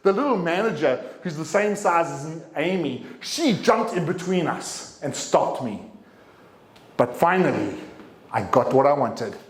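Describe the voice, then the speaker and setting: A middle-aged man tells a personal story as a prepared speech. His voice sits somewhat high and leaps around as he acts out each exchange. The sound carries the echo of a meeting room. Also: unhurried. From English-speaking country, living in Taiwan. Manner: animated storyteller, acts out quotes with sharp jumps in pitch. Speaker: club speaker.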